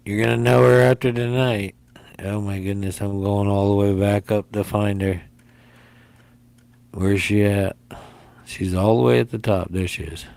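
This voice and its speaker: A man's voice: fairly low pitch, flat delivery, moderate pace, gravelly, darkish tone, no room sound. A man hosting a casual livestream game, rambling and jokey and often repeating himself. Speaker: livestream host.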